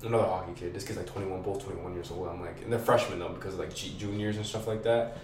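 A man's voice: low voice, fast talker, slight background noise. Slangy young man, distant roomy mic. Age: young adult. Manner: slangy, profane, animated retelling. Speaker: podcast guest. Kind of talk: casual storytelling. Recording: roomy echo, distant mic, faint background.

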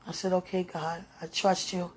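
A woman's voice: lowish voice, flat delivery, moderate pace, a little mellow, slight background noise. A woman speaking tenderly to her viewers in an emotional spiritual monologue, as if talking with God.

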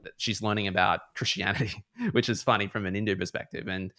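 A man's voice: fairly low pitch, steady tone, fast, bright, forceful tone, no room sound, studio quality. A man retelling a book in a casual podcast chat, rambling and full of fillers. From Australia. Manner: rambling, heavy on fillers like "like" and "you know".

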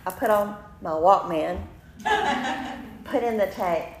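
A woman in her fifties tells a personal story with animated energy, breaking into laughs and acting out quotes. Her voice has a middling pitch. The recording sounds roomy, with a faint hiss underneath. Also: takes it slowly. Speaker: podcast host. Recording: roomy room with faint noise.

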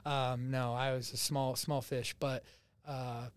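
A man's voice: medium pitch, level tone, slow pace, clear, resonant tone, dry recording. A man, a podcast guest chatting casually and confidently, laughing often. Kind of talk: casual chat. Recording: dry close studio sound.

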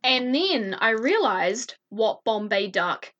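A woman's voice: a little high, big pitch swings, slow, a bit bright, dull audio. A woman co-hosting a podcast, chatting casually, giggling often and swearing freely. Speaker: podcast co-host. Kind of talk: casual chat.

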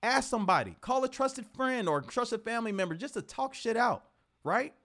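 A man hosting a podcast, giving an animated, profane, casual motivational talk full of repeated rhetorical questions. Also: very high-pitched, brisk. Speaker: podcast host.

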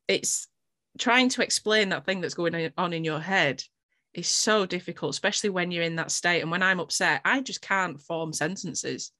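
A woman's voice: lowish voice, bright, forceful tone. A woman hosting a podcast interview, reflective and thinking aloud with tag questions. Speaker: podcast host. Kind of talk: conversational interview.

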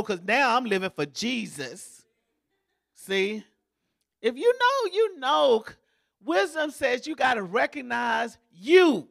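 A woman's voice: high voice, vocal fry, a bit bright. A woman pastor giving a sermon in a folksy, joking, conversational way, as if in a church.

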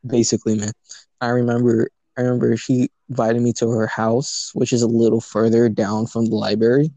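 A man's voice: medium pitch, little pitch movement, brisk, mellow, no room sound. A young man from Los Angeles telling a rambling, profane story in casual chat, laughing often.

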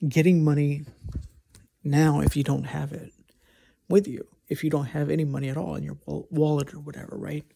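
Man, slightly high voice, gravelly, rambling solo podcast talk. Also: warm tone. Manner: rambling, thinking aloud with many restarts. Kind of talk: casual solo monologue.

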